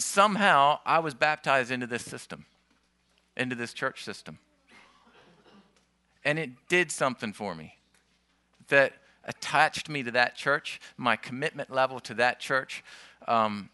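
Bright, crisp-voiced man preaching. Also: medium pitch, no room sound. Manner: conversational teaching with restarts and asides. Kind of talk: sermon.

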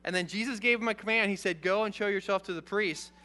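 Speaking fast in a high-sitting voice, a male preacher leads an informal Bible lesson. He reads a passage and explains it with lively, conversational energy, frequently checking that his listeners are with him.

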